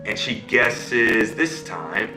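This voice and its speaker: Over music, in a roomy, low-quality recording, a man with a medium-pitched voice tells a fairy tale extremely slowly. He's animated and checks in with listeners, asking "okay?" and "right?"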